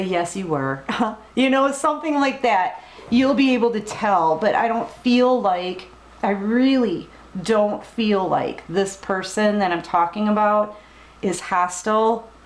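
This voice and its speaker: A woman giving a collective tarot reading, gently reassuring and emotional, speaking straight to the viewer. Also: medium pitch, roomy sound, rough recording. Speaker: tarot reader.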